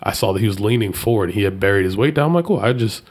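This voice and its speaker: Man, low gravelly voice, animated storyteller, casual chat. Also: racing. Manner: animated, jumps high when quoting people.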